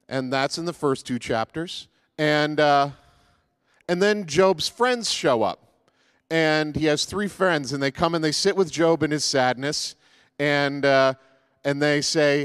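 A man's voice: fairly high pitch, slow pace, no room sound, clean studio sound. A man giving a casual, joking sermon as pastor, with many fillers and restarts.

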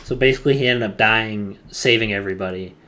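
A man's voice: on the low side, fast talker, pushed and bright, slight background noise. A man co-hosting a casual chat, recapping rambly with lots of fillers. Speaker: podcast co-host.

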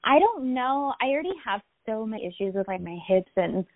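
A woman's voice: a little high, big pitch swings, brisk, no room sound. A woman in her twenties hosting a casual chat, sympathetic and talkative, often laughing along. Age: 20s. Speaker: podcast host. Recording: tinny phone-like line, dry.

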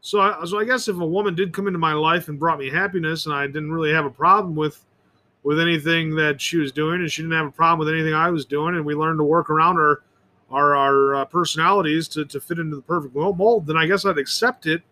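A rambling, opinionated man delivering a solo monologue, his voice pitched high for a man. He often trips over words and circles back on himself. The tone is bright and sharp throughout. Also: fairly even intonation, fast talker. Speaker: podcast host.

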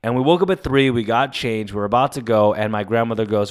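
Man, solo podcast host, confessional, rambling, emotional, smooth clear voice, mid pitch. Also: quick pace, few pauses. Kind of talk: casual solo podcast monologue.

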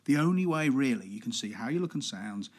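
This podcast host's voice is husky and slightly breathy, sitting at a medium pitch. Discussing public speaking, he stays easygoing and chatty, moving slowly on purpose and scattering fillers throughout.

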